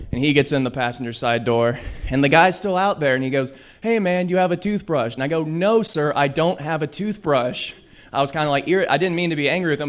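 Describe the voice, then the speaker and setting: A man's voice: mid-range voice, a bit bright, clean tone. A young man doing a rambling, self-deprecating stand-up set at an open mic, on a handheld mic in a small club. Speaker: stand-up comic.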